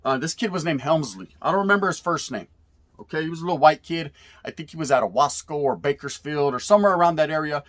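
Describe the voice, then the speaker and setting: A man's voice: fairly high pitch, fast. A man in his forties from California, casually telling stories in street slang with Spanish words mixed in and plenty of cursing. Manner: laid-back street slang with Spanish words mixed in, frequent profanity and "right?" tags. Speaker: storyteller recalling youth prison days. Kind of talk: casual storytelling.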